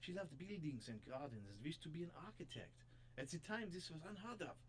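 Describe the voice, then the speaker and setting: A man voicing a formal gentleman in a mock French accent that drifts toward German, read in a stiff, theatrical way. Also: on the high side, sing-song, a little fast, slight background noise, voice pushed up. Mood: earnest.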